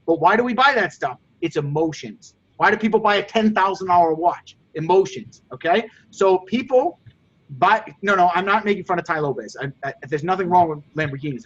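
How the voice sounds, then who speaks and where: High-voiced emphatic man coaching. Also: a bit bright, dull audio. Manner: emphatic, repeats himself, acts out buyer dialogues. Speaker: host coaching phone resellers. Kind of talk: casual group chat coaching.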